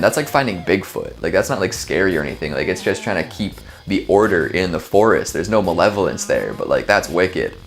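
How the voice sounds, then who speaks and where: A man casually reacting to spooky video clips, joking and rambling with lots of fillers. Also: low-pitched.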